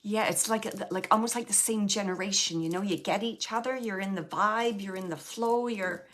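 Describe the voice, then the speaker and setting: A woman's voice: medium pitch, normal speed, a bit bright. A woman medium giving a live reading, chatty and searching, with many fillers as she relays messages from the spirit. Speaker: medium and show host.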